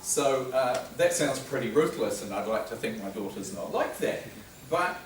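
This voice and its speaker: A middle-aged man gives a relaxed, story-driven lecture at a men's talk. The mic sits well away from him, so his voice sounds roomy, with a faint ambience behind it. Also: medium pitch, moderate pace, distant mic, a little hiss or hum. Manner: conversational, anecdotal storytelling. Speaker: speaker at a men's health talk. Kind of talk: informal lecture.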